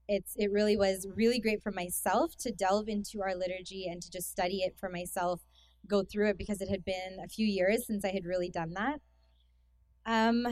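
A woman's voice: mid-range voice, no echo. Young Canadian woman, conversational, filler-heavy, mid-range voice, dry sound. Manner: chatty, self-deprecating, many fillers. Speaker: guest speaker. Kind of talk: casual talk to a youth conference. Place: hall with an audience.

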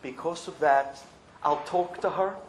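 A man voicing a bitter middle-aged daughter who speaks quietly, low and cold. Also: measured pace, a little hiss or hum, lightly acted. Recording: roomy echo with faint ambience.

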